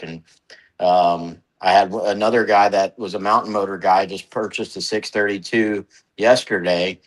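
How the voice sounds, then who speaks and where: A man's voice: low voice, rough recording. A man telling race stories in casual radio chat, laughing often.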